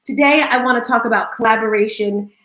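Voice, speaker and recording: Bubbly high-energy woman host. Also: fairly quick, fairly bright tone, echoey room, low-quality recording. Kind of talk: live audio room talk.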